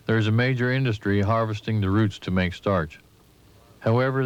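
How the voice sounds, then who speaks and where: A man giving measured, instructive scripted narration for an instructional film, recorded as a voice-over. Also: lowish voice, smooth. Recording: dull lo-fi 1980s training film audio.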